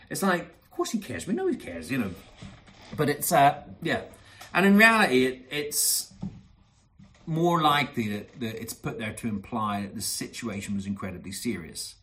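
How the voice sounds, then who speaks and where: A man preaching a sermon, earnest and emphatic, repeating key phrases and dropping into soft asides. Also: medium pitch, very animated, moderate pace.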